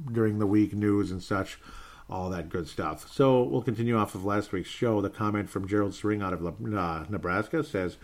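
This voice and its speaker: A man hosting a sports talk show, reading out viewer comments in a relaxed way and chuckling now and then. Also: fairly low pitch. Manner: relaxed, chuckles often, trails off and restarts. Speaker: podcast host.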